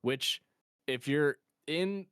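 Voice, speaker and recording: A man chatting on a podcast with a smooth, resonant voice and a dry, close sound. He rambles eagerly as an excited fan, piling one thought onto the next. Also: on the high side, very slow, dry recording. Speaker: podcast co-host. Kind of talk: casual podcast chat.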